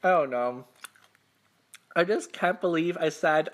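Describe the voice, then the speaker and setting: A man's voice: a little high, lively intonation, normal speed, fairly bright tone. A young man hosting an eating show, telling a casual story between bites in a rambling, filler-heavy way, self-conscious and embarrassed. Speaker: mukbang host.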